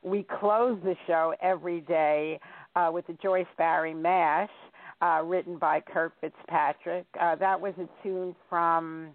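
A woman's voice: lowish voice, fairly even intonation, a little slow, no echo. A woman hosting a talk radio show, rambling along with plenty of filler words, heard over a tinny phone line. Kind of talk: casual radio chat.

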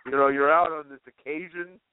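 A man co-hosting a comedy talk show, rambling along with stops and filler words. His voice sits a little high. It is recorded dry and thin, like a phone line. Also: steady tone, clear, resonant tone, no room sound. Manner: rambling, halting, many fillers. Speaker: radio co-host. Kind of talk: casual comedy chat.

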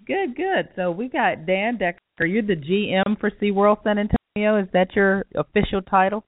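A woman's voice: mid-range voice, animated, moderate pace, no echo. A woman hosting a radio talk show, friendly, with short interjections. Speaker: radio host. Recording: dry phone-like sound.

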